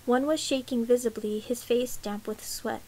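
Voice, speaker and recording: A woman reading a novel aloud in measured, quiet narration. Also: on the high side, fairly even intonation, slight background noise, rough recording. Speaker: audiobook reader.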